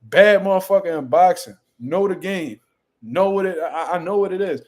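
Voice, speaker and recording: A man's voice: on the high side, a little fast. A young man hosting a boxing channel, chatting casually on a livestream in a boastful, profane, rambling way.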